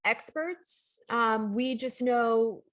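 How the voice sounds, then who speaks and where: A woman co-hosting a wellness show, talking casually and haltingly with frequent pauses and restarts while sitting on a couch. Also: a little high, a bit bright. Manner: halting, many ums and restarts. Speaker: wellness coach, co-host. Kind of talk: casual coaching talk.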